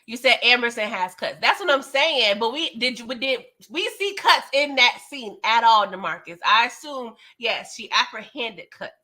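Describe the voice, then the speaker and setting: A young adult woman hosting a casual live stream, animated and often laughing as she chats with viewers. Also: on the high side, normal speed, hardly any pauses. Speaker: livestream host reviewing a TV episode.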